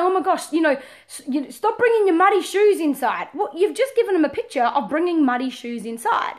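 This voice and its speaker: A woman, talking casually as a parenting coach, lively and repeating herself as she explains. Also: high voice. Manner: lively, repeats words and restarts, laughs often. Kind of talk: casual talk to camera.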